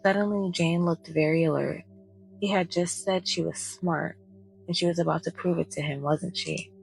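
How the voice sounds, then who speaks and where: A woman narrating a bedtime story in a soft, calm voice. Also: fairly low pitch, normal speed, vocal fry, soft background music, low-quality recording. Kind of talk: soft-spoken bedtime reading.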